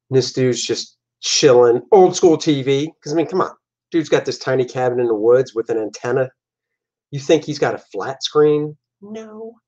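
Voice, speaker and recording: A man's voice: mid-range voice, a little mellow. Jokey man rambling about his art. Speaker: comic artist and host. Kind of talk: casual commentary on his own artwork. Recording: dull lo-fi recording.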